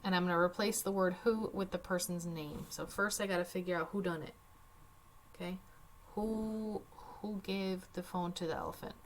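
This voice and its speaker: A woman's voice: fairly low pitch, steady tone, normal speed, a little hiss or hum. A woman teacher walking through a Spanish worksheet on her screen, casual and chatty with wry asides. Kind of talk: screen-recorded worksheet walkthrough.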